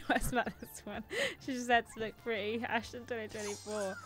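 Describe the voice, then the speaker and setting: A woman's voice: a little high, level tone, normal speed, over music. A woman hosting a game livestream, joking and bantering with her chat in casual let's-play commentary. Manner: playful, jokey, bantering with chat. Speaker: streamer and show host.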